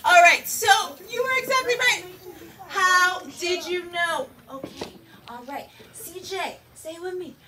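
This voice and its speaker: Exuberant high-voiced woman teaching outdoors. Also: unhurried. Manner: exuberant, exclamatory, calls the kids "my people" and "y'all". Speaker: peace educator teaching children. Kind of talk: enthusiastic classroom lesson. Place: outdoor class. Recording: distant mic outdoors with background noise.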